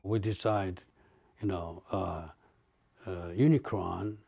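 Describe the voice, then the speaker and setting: Halting man with a gravelly voice. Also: deep voice, steady tone, warm tone, dry recording. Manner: halting, many fillers and restarts. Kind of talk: interview recollection.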